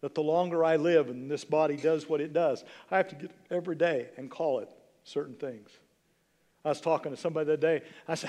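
A man's voice: on the high side, fast, darkish tone, big-room sound. A man in his sixties preaching a sermon as pastor, emphatic, with repeated phrases and rhetorical questions to the congregation. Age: 60s. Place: church sanctuary.

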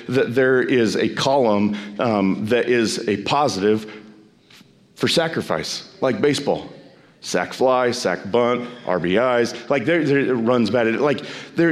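A pastor preaching a sermon, emphatic and repeating phrases, his voice climbing high when he exhorts.

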